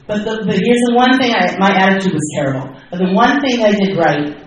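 A woman's voice: mid-range voice, expressive, a little fast, heavy reverb, distant mic, low-quality recording. A woman sharing her personal recovery story in a candid, self-deprecating way, with many fillers and restarts. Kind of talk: personal testimony.

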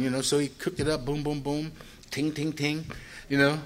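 Older man telling a rambling, animated story. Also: on the high side, moderate pace, crowd noise. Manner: animated, acts out quoted people with a raised voice; loose, rambling with frequent "you know" asides. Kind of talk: personal storytelling.

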